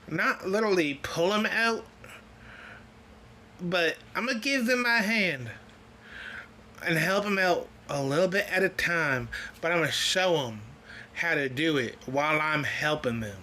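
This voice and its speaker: A man hosting a music reaction video, talking in an excited, earnest and chatty way as he tells stories between tracks. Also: on the high side, unhurried, slight background noise. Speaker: music reaction channel host. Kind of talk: casual reaction commentary.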